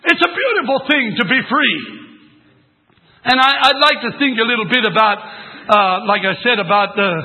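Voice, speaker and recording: A man's voice: very high-pitched, normal speed, bright, forceful tone. An older man preaching a sermon at a religious meeting, telling folksy, rambling stories with many restarts. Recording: tinny phone-like sermon recording.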